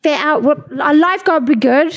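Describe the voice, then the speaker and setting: A woman hosting a podcast, playful and quick to laugh in casual chat. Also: high-pitched. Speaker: podcast host.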